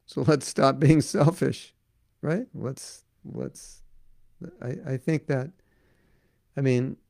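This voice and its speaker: A man teaching and answering listeners' questions in a devotional talk, speaking in a conversational, gently coaxing way. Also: mid-range voice, takes it slowly, vocal fry, no echo, clean studio sound. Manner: conversational, gently coaxing, frequent "you know".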